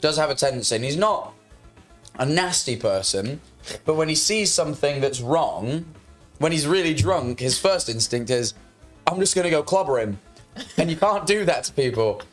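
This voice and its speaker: A young man telling a story loudly and excitedly as the host of a casual stream, swearing freely. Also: on the high side, moderate pace, soft background music. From United Kingdom. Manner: loud, animated storyteller who swears freely. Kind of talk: casual chat.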